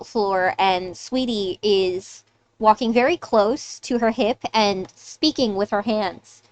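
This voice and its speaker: A woman running a tabletop game as game master, narrating casually with lots of fillers. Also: medium pitch.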